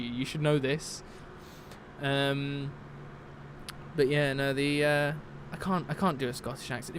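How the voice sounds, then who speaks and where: A man's voice: medium pitch, noisy background. A man from Britain chatting on a live stream as he shuts down a sim aircraft, laughing often and answering his chat.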